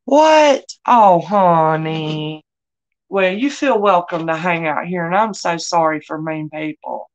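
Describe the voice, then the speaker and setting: A woman's voice: fairly low pitch, moderate pace, hardly any pauses, highs cut off. Lady in her middle years running a live sale, chatty and folksy, calls out viewers by name. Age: middle-aged. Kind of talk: casual live-stream selling chat.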